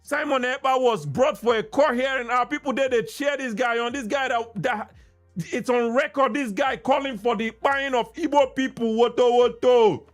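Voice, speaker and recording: A man's voice: very high-pitched, moderate pace, fairly bright tone, soft background music. A man with a Nigerian accent, hosting a podcast in impassioned solo commentary, ranting and repeating himself as he mixes in Pidgin. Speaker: podcast host.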